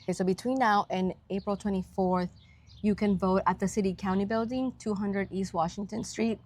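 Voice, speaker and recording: A woman's voice: medium pitch, steady tone, normal speed, darkish tone. A woman speaking as a podcast guest, earnest and upbeat in casual conversation. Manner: earnest and upbeat, talks about civic engagement. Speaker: guest, county attorney. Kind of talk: casual interview chat. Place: outdoors in a park.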